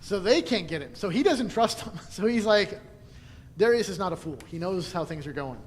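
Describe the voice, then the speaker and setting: Male Bible study teacher with a higher-pitched voice, relaxed and chatty, quick to laugh, recorded in a reverberant hall. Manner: chatty, laughs often, many restarts. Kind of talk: casual teaching talk. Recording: echoey hall, faint noise.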